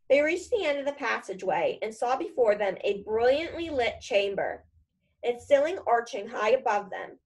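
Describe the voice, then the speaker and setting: A woman's voice: a little high, lively intonation, moderate pace, slightly rough, poor audio. A woman reading a children's novel aloud in a casual storytelling manner. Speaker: reader.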